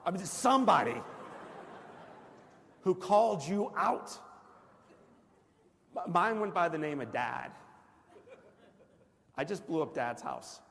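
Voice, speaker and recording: A man's voice: a little high, slow, gravelly, long pauses. Man telling his story in a reverberant hall. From Missouri, USA. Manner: dramatic storytelling, swinging from loud excited bursts to hushed near-whispers; asks the audience direct questions. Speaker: Christian guest speaker. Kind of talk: personal testimony speech. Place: large banquet hall. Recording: long hall reverb from a large room.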